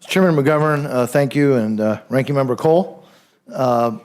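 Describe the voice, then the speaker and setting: A man's voice: mid-range voice, normal speed, darkish tone, slight background noise. A man with a mid-range voice addresses a committee chairman in a hearing room. He speaks energetically and emphatically, with a few "uh" fillers along the way. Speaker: congressman testifying at a committee hearing. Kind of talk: formal committee remarks.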